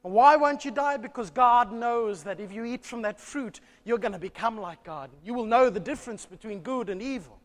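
A man preaching a sermon in church, telling a story with animated delivery and rhetorical questions. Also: very high voice, normal speed, few pauses. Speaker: pastor. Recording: long church reverb.

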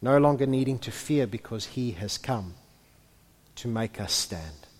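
A man preaching a sermon who builds to impassioned, near-shouted peaks and then drops to hushed tones. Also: mid-range voice, animated, unhurried. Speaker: pastor. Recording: long hall reverb.

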